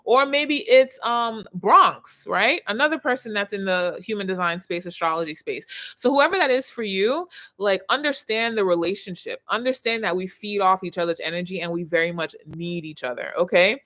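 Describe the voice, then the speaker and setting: A woman in her thirties coaching her viewers on a live stream. She talks in an expressive way, dropping soft and then jumping up loud, with a voice of ordinary middle pitch. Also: moderate pace, hardly any pauses. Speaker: personal branding coach.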